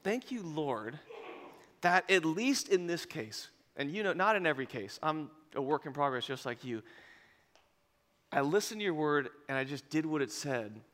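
A man preaching a sermon as pastor, telling a story with lively acted-out dialogue and bursts of laughter. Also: fairly high pitch, normal speed. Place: church auditorium. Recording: long reverb of a large hall.

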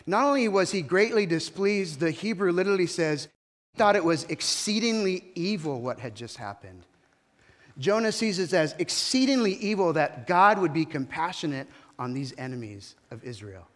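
Male pastor, sermon, animated delivery, fairly high voice, long reverb of a large church. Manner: animated, shifting volume, asks the congregation to respond.

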